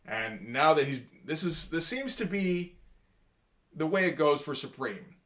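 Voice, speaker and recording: A man casually talking through a comic book page by page in a halting, rambling way, with wry asides. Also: fairly high pitch, expressive, a bit bright.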